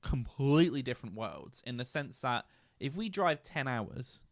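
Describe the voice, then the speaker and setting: A British man co-hosts a music podcast, teasing and joking in loose casual chat. His pitch swings freely and sounds lively. The sound is close and dry, with no room around it. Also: moderate pace, no room sound. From Britain. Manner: playful, teasing banter. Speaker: podcast co-host.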